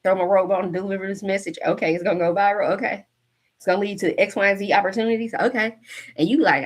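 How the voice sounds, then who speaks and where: With a medium-pitched, slightly rough voice and a brisk pace, a tarot reader and coach in her forties gives a casual spiritual reading to camera. She is blunt and profane, cracks many jokes and laughs frequently.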